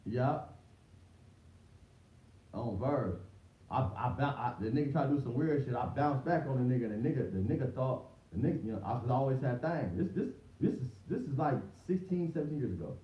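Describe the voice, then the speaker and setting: A man's voice: medium pitch, lively intonation, brisk, warm tone. Man, rambling slangy livestream talk, distant echoey room, dull muffled mic. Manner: slangy, rambling, repeats words and restarts often. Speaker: livestream host. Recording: distant roomy, dull lo-fi mic with faint hiss.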